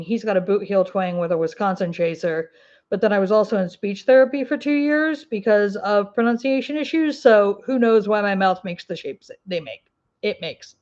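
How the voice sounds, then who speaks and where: A woman's voice: medium pitch, a little mellow, highs cut off. Chatty woman with an Ozark twang. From Ozark Mountains, US. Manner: chatty and rambling, with many fillers and laughs. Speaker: crafting livestream host. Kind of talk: casual livestream chat answering viewer comments.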